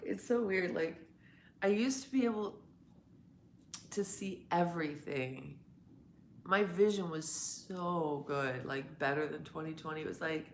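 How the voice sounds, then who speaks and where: A woman's voice: low-pitched, slight background noise. A woman live streaming a casual morning chat to her viewers. She has just woken up, her voice sounds congested as if she has a cold, and she rambles, laughs often and swears.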